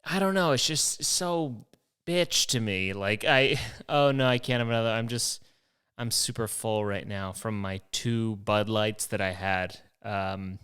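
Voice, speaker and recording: A man's voice: lowish voice, a little slow, fairly bright tone, clean tone. A young man hosting his own show, rambling through stories in a casual, profane, self-deprecating way. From New York. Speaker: podcast host.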